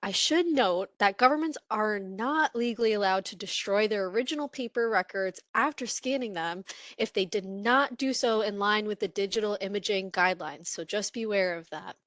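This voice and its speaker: A woman gives practical advice as a webinar panelist in a relaxed, chatty way, sprinkling in fillers. Her pitch is ordinary and the sound is dry and close. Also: normal speed, dry recording. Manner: casual and jokey, many fillers. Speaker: panelist, records imaging expert. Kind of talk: explanatory webinar answer.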